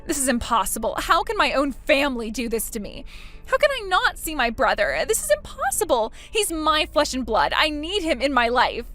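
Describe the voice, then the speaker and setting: A woman's voice: sits high, sing-song, moderate pace, a bit bright, faint music behind. A woman voicing a spiteful, whiny sister-in-law. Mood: shocked. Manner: mocking, pleading by turns. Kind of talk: texting story voice acting.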